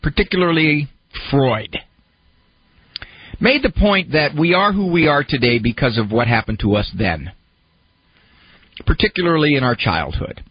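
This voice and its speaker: A man with a slightly raised, husky voice speaks in a lively, rising-and-falling way, posing questions and walking through everyday examples. The recording is muffled and dry, with no room sound. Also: on the high side, measured pace, long pauses, no echo. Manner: talks through examples, posing questions and putting on a complaining listener's voice. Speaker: speaker on psychology and self-help. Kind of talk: conversational lecture.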